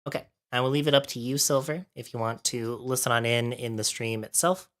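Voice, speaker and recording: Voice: mid-range voice, fairly even intonation, fairly quick, a bit bright. A livestreamer chatting casually with viewers while setting up, a bit out of breath from allergies and thinking aloud.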